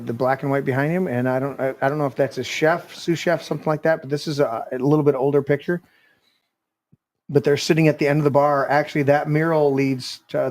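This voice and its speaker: A man hosting a podcast, telling a rambling casual story with many restarts. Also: mid-range voice. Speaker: podcast host. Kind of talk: casual chat.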